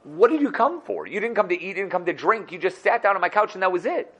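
A man's voice: sits high, animated, fast talker, fairly bright tone, pitched above the performer's own voice. A man voicing a wealthy bank manager who pleads and presses in a raised voice. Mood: apologetic.

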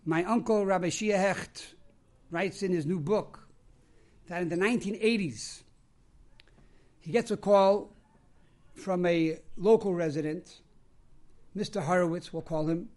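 A man's voice: high-pitched, a little slow, pauses often. A man, a rabbi, giving a sermon and telling a story. He explains terms one after another.

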